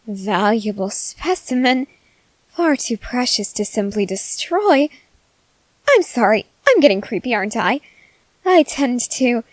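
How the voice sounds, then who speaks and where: A giddy, creepily sweet female scientist, as a woman acts her out in an ASMR role-play. Her voice sits high and leaps all over with delight. She coaxes slowly and fondly, recorded close and dry with no room sound. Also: no room sound, poor audio. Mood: creepy. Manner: gushing, coaxing, cheerfully unsettling.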